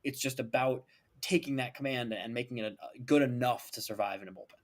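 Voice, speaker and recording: A young man co-hosting a casual sports podcast, emphatic and animated, leaning on "like" and "right?". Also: mid-range voice, fairly quick. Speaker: podcast co-host.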